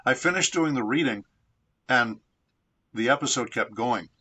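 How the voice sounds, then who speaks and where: A man from San Diego, a voice actor being interviewed, telling anecdotes in a measured, reflective way. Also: mid-range voice, animated, bright, forceful tone, husky. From San Diego, United States. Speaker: voice actor guest.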